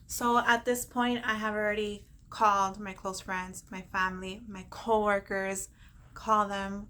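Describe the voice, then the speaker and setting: A woman with a bright, clear voice recounts a personal ordeal straight to camera in a lively vlog style. She acts out the dialogue of others along the way, laughs between lines, and turns to warm encouragement for her viewers. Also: mid-range voice, unhurried. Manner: animated, acts out quoted dialogue, laughs often; encouraging, faith-filled pep talk. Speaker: vlogger telling her story.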